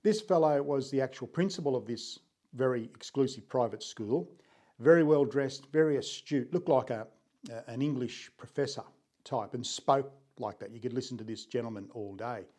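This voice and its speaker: An older man with an Australian accent, from Sydney, telling his photography story in an unhurried, earnest vlog, often clearing his throat. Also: medium pitch, a little mellow.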